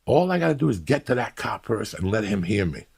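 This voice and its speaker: A middle-aged man with a low, gravelly voice and a husky edge tells blunt, profanity-laced stories in casual chat. His pitch swings widely as he acts out his own lines. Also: sing-song, fairly quick, no room sound. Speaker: storyteller on a podcast.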